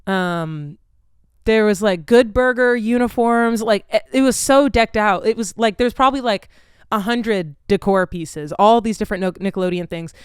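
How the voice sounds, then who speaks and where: A woman's voice: medium pitch, moderate pace, clean tone, dry recording, clean studio sound. Casual young woman ranting with swears. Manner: candid, swears freely, lots of "like". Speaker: vlogger. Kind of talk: casual storytelling chat.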